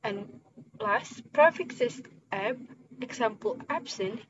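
A young woman student slowly reading a class presentation on affixes, halting through a list of examples. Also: on the high side, lively intonation. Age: young adult. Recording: dull lo-fi recording with room noise.

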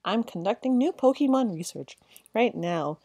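A woman's voice: on the high side, lively intonation, normal speed, mellow, husky, no echo. A woman reading the lines of an earnest male professor researcher aloud in her own voice. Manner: reads game dialogue aloud, barely acted.

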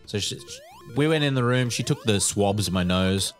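A man's voice: fairly low pitch, lively intonation, normal speed, soft background music. Rambling man telling a story. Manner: rambling, many "like" fillers. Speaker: podcast co-host. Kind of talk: casual storytelling chat.

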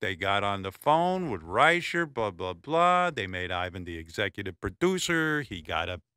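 A man's voice: on the low side, sing-song, moderate pace, sharp tone, clean tone, no room sound, clean studio sound. A man hosting a radio show, telling a blunt, profane story with lots of asides. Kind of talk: casual storytelling tribute.

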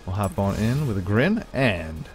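A man narrates his racing game in a playful, chatty way, joking with viewers and talking back to the game. His voice sits at a middle pitch. Game music and engine sounds play clearly underneath. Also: lively intonation, normal speed. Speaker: gaming YouTuber. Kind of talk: let's play commentary. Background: game music and engine noise.

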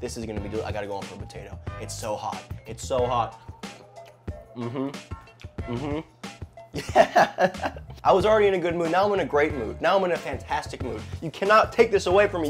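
A man's voice: on the high side, a little fast, faint music behind. Upbeat man cooking in a kitchen. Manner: upbeat, playful, swears casually. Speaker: chef and show host. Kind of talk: casual cooking vlog.

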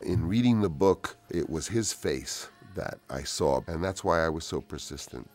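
A man in his sixties telling anecdotes in a relaxed, rambling way for a film commentary, dropping to soft-spoken asides. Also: low-pitched, moderate pace. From United States. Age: 60s. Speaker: film director. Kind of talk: DVD audio commentary, anecdotal storytelling.

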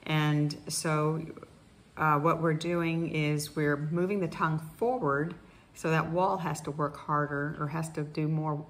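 A middle-aged woman speech therapist calmly leading guided voice exercises, pausing with frequent fillers. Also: deep voice. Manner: calm instructional, with many fillers. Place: indoors in Costa Rica, wind outside.

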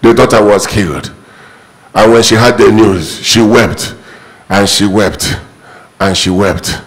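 A man's voice: fairly low pitch, fairly even intonation, slow pace, low-quality recording. A man preaching a sermon as pastor, emphatic and repetitive, his voice leaping up on sudden exclamations.

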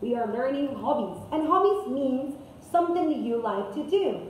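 Female English teacher, high voice, slow and sing-song, for young learners; very echoey room with faint hiss. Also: animated, darkish tone, far from the mic. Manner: slow, sing-song, repeats words and translates into Spanish. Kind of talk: children's English lesson.

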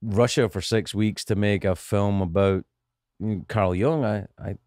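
A man's voice: lowish voice, a little slow, no room sound, clean studio sound. A middle-aged Scottish man telling stories in a casual podcast chat, profane and restarting his sentences often. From Scotland. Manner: animated storytelling, profane, frequent restarts. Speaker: guest comedian.

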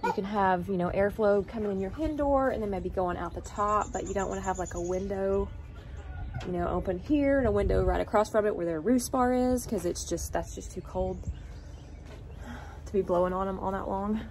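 Outdoors at a chicken coop in freezing weather, a woman vlogs casually to the camera while doing chores, talking sweetly to her clucking hens. Her medium-pitched, slightly mellow voice moves at normal speed, with slight background noise.

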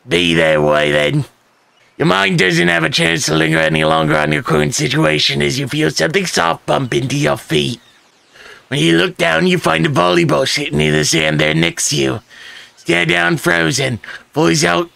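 A man reads a game's narration aloud in a wry, theatrical way, slipping in joking asides. His voice is heavily gravelly, with lots of fry, and it sits a touch high with a bright edge. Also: steady tone, moderate pace, no echo. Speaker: let's play host.

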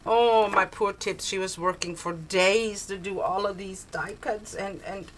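Slow, gushing older woman crafter. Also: medium pitch, steady tone, a little hiss or hum, low-quality recording. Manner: gushing, exclaiming over small craft items. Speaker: crafter opening a swap package. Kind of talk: casual unboxing chat. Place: cold home, heater on.

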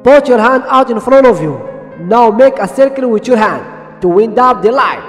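A man retelling a cartoon episode in slow, simple phrases, inviting the listener to join in. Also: very high voice, expressive. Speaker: storyteller. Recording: echoey room with faint music.

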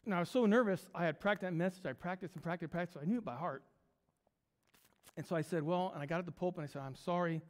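A man preaches in a small church, his voice pitched high and ringing with long reverb off the walls. He tells his story with animation, slipping into the voices of the characters and restarting his sentences as he goes. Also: very fast. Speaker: pastor. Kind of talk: sermon with a storytelling anecdote.

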